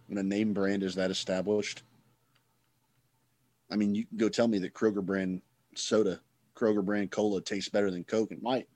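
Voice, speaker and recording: A man's voice: lowish voice, darkish tone, no echo. A man co-hosting a podcast in casual chat, rambling and starting over often, with a gloomy outlook. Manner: rambling, self-interrupting, gloomy. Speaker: podcast co-host.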